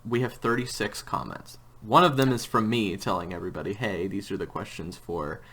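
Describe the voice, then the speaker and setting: Male host, low-ish voice, loose chatty interviewer who drifts off topic. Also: brisk, a bit bright, husky. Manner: rambling, with frequent restarts and tangents. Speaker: host and audio drama creator. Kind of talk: casual interview chat.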